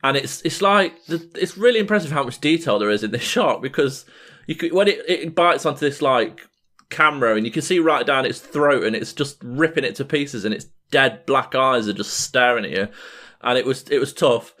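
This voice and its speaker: A man's voice: mid-range voice, expressive, normal speed, fairly bright tone. A man talks on a podcast mic in a mid-range voice. He rambles through a story, piling up fillers and restarts. He swears freely in loose, casual chat. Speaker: podcast co-host.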